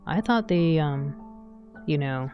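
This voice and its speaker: Slow, low-voiced woman streaming a game. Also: animated, dull audio, faint music behind. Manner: chatty, laughs often, reads dialogue aloud. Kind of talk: game commentary.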